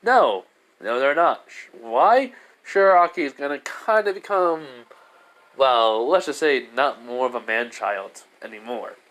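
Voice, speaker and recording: A man's voice: mid-range voice, expressive, a little slow, fairly bright tone. A man retells a fan story in a loose, casual way. He rambles, stops and restarts, and laughs often along the way.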